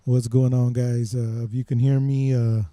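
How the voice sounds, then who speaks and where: Dark-voiced man hosting a live podcast. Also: mid-range voice, little pitch movement, dry recording. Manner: loose, halting, lots of fillers while fixing gear. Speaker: podcast host. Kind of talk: casual live-stream setup chat. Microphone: headphones and desk mic.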